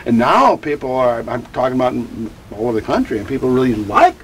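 A man who teaches about grief, answering interview questions in an animated, digressive way and acting out quotes. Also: mid-range voice, fast talker, noisy background. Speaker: grief educator.

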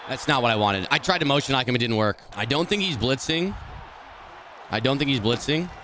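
A man streaming a football video game, talking through each play and often swearing and yelling at the game in frustration. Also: mid-range voice, expressive, brisk, slight background noise. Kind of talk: live gameplay commentary.

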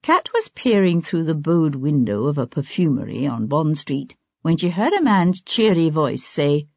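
A woman narrating an audiobook in a steady, even storytelling manner. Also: low voice, normal speed, hardly any pauses, breathy edge, no room sound, dull audio.

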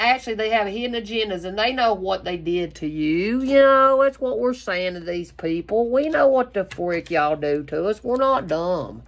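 A woman's voice: medium pitch, slight background noise. Emphatic swearing woman reading tarot. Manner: emphatic, rambling, swears freely. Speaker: tarot reader.

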